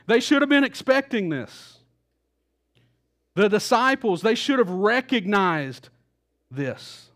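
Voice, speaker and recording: A man's voice: high-pitched, big pitch swings, slow pace, long pauses, a bit bright. A man preaching a sermon in a church, telling the story casually and acting out the quoted lines. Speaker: pastor. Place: church auditorium. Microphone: stage microphone.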